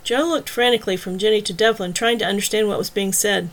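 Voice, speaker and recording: Brief: female audiobook narrator, steady scripted storytelling, mid-pitched. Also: fast.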